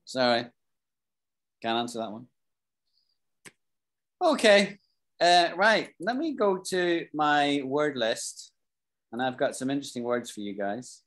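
A British man teaching an English class, explaining expressions slowly, repeating key phrases and asking his students questions. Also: mid-range voice, very animated, a bit bright. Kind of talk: live online English lesson.

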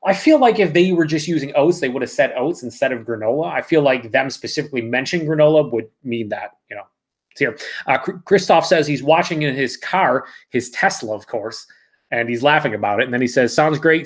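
A man's voice: medium pitch, lively intonation, fairly quick. A man hosting a live beer review, talking casually and reading out viewer comments, rambling and correcting himself.

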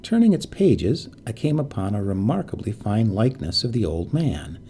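Male storybook narrator, gravelly and lively in pitch, measured and hushed suspense. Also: a little hiss or hum.

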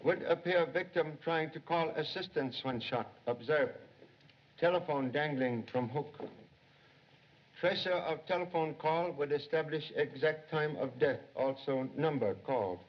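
Charlie Chan, a terse, formal detective. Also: male voice, on the high side, unhurried. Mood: calm. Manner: terse, clipped, drops articles, formal. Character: calm, aphoristic middle-aged male detective. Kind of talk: 1930s film acting. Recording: dull 1930s film soundtrack.

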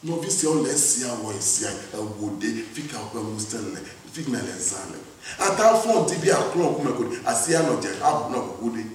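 A man's voice: medium pitch, very animated, fairly quick, slight background noise. A man preaching a sermon in a church, mixing English with a West African language and firing rhetorical questions at the congregation. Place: church hall. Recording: echoey and distant in a church.

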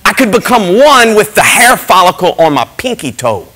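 A middle-aged man, a pastor giving an impassioned testimony in a church service, moving from hushed emphasis to shouting. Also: high voice, sing-song, normal speed, poor audio.

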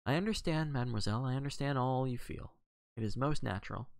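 A guy reading a serious formal detective, earnest and polite, bit gravelly. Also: medium pitch, fast talker, dry recording, voice pushed up, lightly acted. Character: earnest, grave male detective, middle-aged. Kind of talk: reading a novel aloud.

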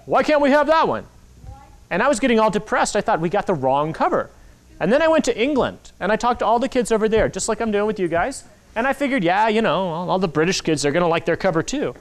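A man in his forties giving an animated talk to children at a library, acting out the voices in his stories. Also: high voice, fast talker. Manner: animated storytelling, acts out quoted voices. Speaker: author speaking to kids. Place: public library hall. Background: audience of children.

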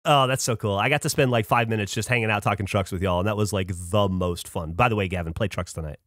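On a podcast with clean studio sound and no room sound, a co-host talks fast in a lowish voice. He tells stories in casual chat with lots of animation, swearing freely throughout.

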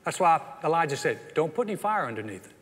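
A man with a Texan accent preaching a sermon as pastor, telling the story with animated energy and acting out the quotes. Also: fairly high pitch, quick pace, husky. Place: church sanctuary. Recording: long church hall reverb.

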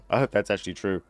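A young man streams a game live, giving casual commentary and explaining things step by step, though he frequently restarts his sentences. His voice is fairly low, with no room sound.

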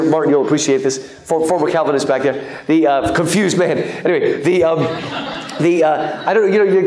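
A man giving a live lecture to an audience, lively and joking, with many fillers and asides. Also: fairly high pitch. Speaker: guest lecturer. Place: lecture hall. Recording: echoey lecture hall.

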